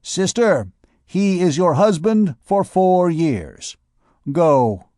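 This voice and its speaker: A man voicing a solemn male gypsy chieftain who makes slow, ceremonial pronouncements. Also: high voice, big pitch swings, warm tone, no room sound, studio quality, pitched above the performer's own voice, full character voice.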